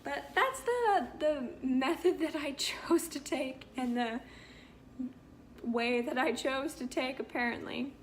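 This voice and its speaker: Young woman vlogger, high voice, slow unhurried delivery, earnest and heartfelt storytelling. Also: a little hiss or hum. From Canada. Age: young adult. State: pregnant. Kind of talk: story time vlog.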